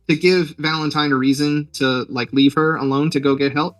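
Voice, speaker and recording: A man's voice: fairly high pitch, fairly even intonation, normal speed, no room sound, faint music behind. Man, podcast host, rambling jokey plot recap, dry sound, slightly distant mic. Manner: rambling, joking plot retelling with filler words. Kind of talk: casual movie recap.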